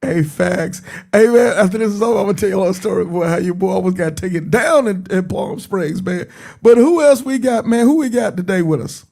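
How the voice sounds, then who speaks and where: A middle-aged man hosts a relaxed podcast chat in a fairly high voice with a gravelly, rough edge. He stays upbeat and keeps dropping "man" into his sentences. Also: brisk. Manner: upbeat, peppers talk with "man". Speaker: podcast host.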